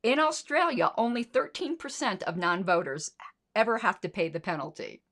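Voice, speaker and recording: A woman's voice: mid-range voice, lively intonation, normal speed, a bit bright. A middle-aged woman hosting a solo commentary show, talking in an indignant, sarcastic way and swearing freely. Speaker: podcast host.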